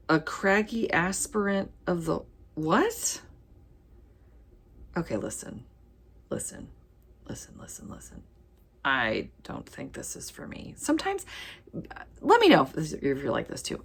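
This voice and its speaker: A woman chatting casually as a book vlogger, reading ebook titles aloud with quick, animated asides. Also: fairly low pitch. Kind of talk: casual chat while sorting ebooks.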